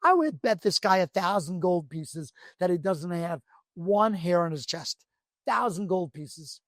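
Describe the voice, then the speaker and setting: A man's voice: high voice, lively intonation, measured pace, fairly bright tone, no echo, studio quality, voice pushed down. A man voicing scornful strangers at an inn who taunt and goad a servant. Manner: taunting, sneering. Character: two mocking men at an inn, scornful.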